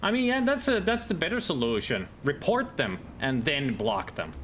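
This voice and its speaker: Male streamer, lively pitch, chatty live commentary, faint noise behind. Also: moderate pace. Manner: chatty, animated, reads out game text. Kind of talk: casual gameplay commentary to live chat.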